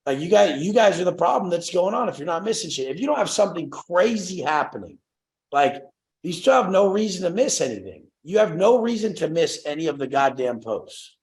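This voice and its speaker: A man's voice: high-pitched, big pitch swings, fairly quick, roomy sound. A man coaching clients on a call, ranting bluntly and profanely, rambling as he goes.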